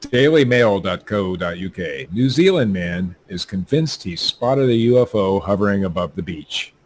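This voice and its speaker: A man co-hosting a podcast, reading news stories aloud in a halting way with many fillers and laughs. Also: low-pitched, expressive.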